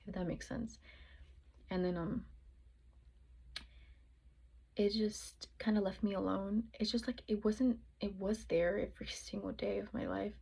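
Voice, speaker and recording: A woman's voice: medium pitch, steady tone, moderate pace, creaky, a little mellow, breathy edge, poor audio. A young woman vlogger telling a personal story in a casual, rambling way, with many fillers and acted-out quotes of her own past thoughts. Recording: noticeable background noise.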